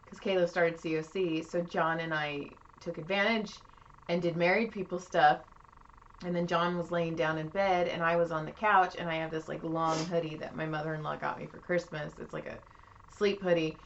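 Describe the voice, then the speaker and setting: A middle-aged woman co-hosting a podcast, telling stories in a casual, animated way and swearing freely. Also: low voice, normal speed, vocal fry, a little hiss or hum. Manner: animated, swears freely, acts out quoted voices. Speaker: podcast co-host. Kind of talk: casual storytelling chat. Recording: muffled lo-fi podcast audio.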